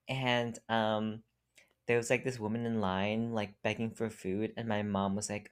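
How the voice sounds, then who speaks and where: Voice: medium pitch, flat delivery, a little slow, smooth. Rambling young podcast co-host telling stories. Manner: rambling, frequent "like" fillers, laughs often. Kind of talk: casual chat, storytelling.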